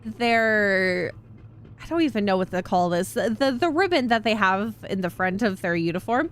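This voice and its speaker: A woman's voice: mid-range voice, lively intonation, moderate pace. A woman streaming a game, chatting in an amused way and reacting aloud as she plays. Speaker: VTuber streamer. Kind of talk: casual gameplay commentary.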